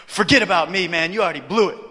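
A man's voice: high-pitched, very fast, bright, forceful tone. A man voicing a tough, suspicious man on the street who scolds bluntly. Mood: scolding. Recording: reverberant hall.

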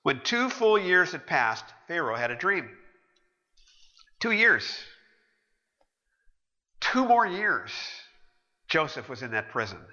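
A man preaching a sermon, telling stories with animation and acting out the voices of the people in them. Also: sits high. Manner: animated storytelling, acting out quoted characters. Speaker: pastor. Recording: muffled, with long hall reverb.

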